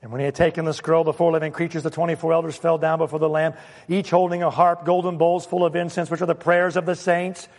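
High-voiced man preaching in a reverberant hall. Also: fast. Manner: animated, emphatic preaching with sudden loud exclamations. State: scratchy throat. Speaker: pastor. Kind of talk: sermon.

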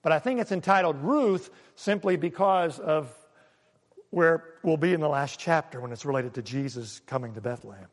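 A man preaching a sermon, swinging between loud and hushed and asking the congregation questions. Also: a little high, lively intonation, moderate pace, long reverb tail. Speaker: pastor.

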